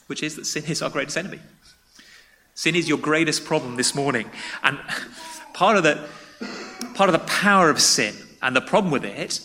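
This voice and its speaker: A man's voice: on the high side, pushed and bright, a little hiss or hum. A man preaching a sermon in a church, talking in a conversational way and putting questions to the congregation. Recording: long reverb of a large hall.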